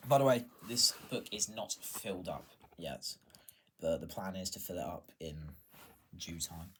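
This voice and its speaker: Guy with a lowish voice going through his coin book, casual and chatty, stops to check stuff. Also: animated, fairly bright tone, slight background noise. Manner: chatty, self-deprecating, pauses to check coins. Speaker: coin collector vlogger. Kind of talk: casual show-and-tell narration.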